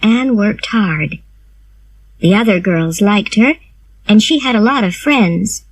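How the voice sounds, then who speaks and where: A woman reading a simplified storybook aloud, slow, clear and expressive. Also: medium pitch. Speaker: narrator.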